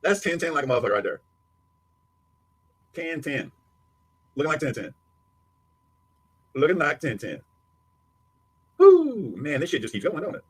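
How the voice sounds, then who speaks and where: A man's voice: fairly high pitch, lively intonation, moderate pace, pauses often, fairly bright tone, husky, no room sound. A man giving a crude, taunting rant as a streamer answering a critic. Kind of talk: profane ranting commentary.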